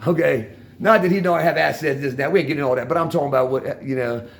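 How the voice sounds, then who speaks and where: An older man with a Washington DC accent rambles to viewers about betting from a street corner outdoors, his voice gravelly, a little high, and quick. He swears freely and works "man" and "y'all" into almost every line of his casual story, with a faint hiss or hum in the recording.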